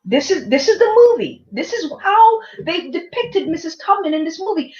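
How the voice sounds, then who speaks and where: High-voiced woman going off about a movie scene, keeps saying right?, echoey muffled room. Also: normal speed. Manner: animated, keeps asking "right?", repeats herself for emphasis; incredulous, mocking. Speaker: commentary vlogger. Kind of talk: casual commentary retelling a film scene. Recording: echoey room, dull lo-fi sound.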